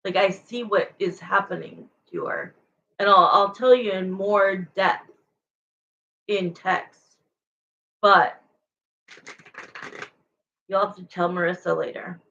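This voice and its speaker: Woman tarot reader, frank chatty livestream host, unhurried delivery with a gravelly edge, slightly muffled audio. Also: medium pitch, pushed and bright. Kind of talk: casual livestream chat.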